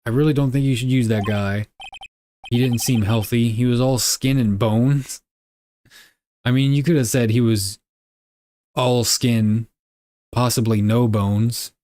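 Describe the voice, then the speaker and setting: A man's voice: medium pitch, fairly even intonation, measured pace, pauses often, warm tone, slight background noise. A young man streaming a game live, reading the dialogue aloud and cracking crude jokes. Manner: joking, crude asides.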